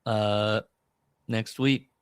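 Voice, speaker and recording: A man co-hosts a podcast, chatting casually and comedically, joking around and attempting impressions with lively pitch swings. His voice is smooth with drawn-out words, and the recording is dry.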